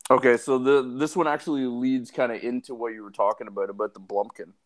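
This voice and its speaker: A young man co-hosting a podcast, trading crude jokes in casual banter, laughing, swearing and clearing his throat often. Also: medium pitch, fairly even intonation, quick pace. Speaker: podcast co-host.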